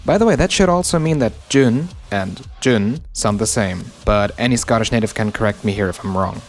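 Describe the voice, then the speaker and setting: Lowish-voiced man explaining speech sounds. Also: soft background music. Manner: explanatory, slows down to spell out example words. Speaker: linguistics video narrator. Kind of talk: scripted educational narration.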